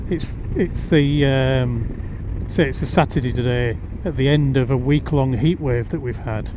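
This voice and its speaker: A man's voice: medium pitch, a little slow. A man, chatting wryly as he rides a motorbike and recording through a helmet mic. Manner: chatty, wry, rambling asides. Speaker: motorcycle vlogger. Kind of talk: casual ride commentary. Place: riding a motorcycle outdoors on roads. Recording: clear road and engine noise behind.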